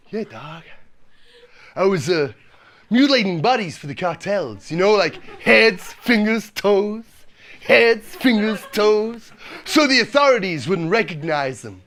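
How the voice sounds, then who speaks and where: A man's voice: high-pitched, animated, slow pace, long pauses, a bit bright, exaggerated voice. A man voicing a crude, swaggering American bus passenger who swears constantly.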